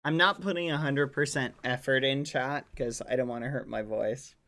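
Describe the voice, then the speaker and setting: A man chatting casually with his stream chat in a relaxed, joking way. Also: medium pitch, normal speed.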